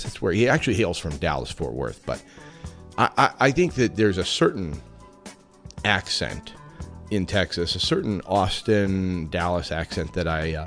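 A man hosting his own radio show, telling jokes and musing in a casual, reflective monologue. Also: low voice. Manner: joking and reflective, lively delivery.

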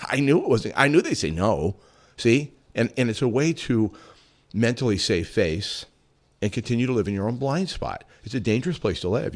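Lively, low-voiced male radio host. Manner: joking and reflective, lively delivery. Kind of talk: casual monologue radio show.

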